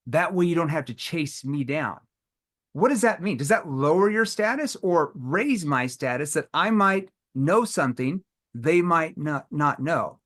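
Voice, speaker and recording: A middle-aged man leading a live sales training, acting out sales calls with lively energy. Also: on the high side, measured pace. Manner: energetic, role-plays scripted sales calls.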